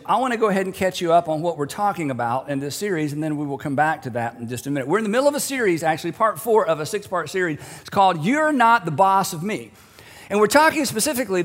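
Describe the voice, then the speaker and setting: A man in middle age preaches a sermon, and his voice sits high for a man. He keeps the tone conversational and joking and acts out the voices he quotes. A long reverb hangs after each phrase, as in a large church hall. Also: fairly bright tone. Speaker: pastor.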